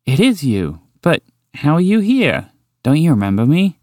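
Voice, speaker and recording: An enormous horse who is courteous and oddly enthusiastic, and who breaks into sudden bright exclamations, as a man voices him in a storybook reading. The voice sits above his plain tone and moves through a lively range. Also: on the high side, normal speed, no room sound, studio quality, voice pushed up. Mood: excited. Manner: polite and dreamily enthusiastic. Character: enormous eccentric male horse, polite and excitable.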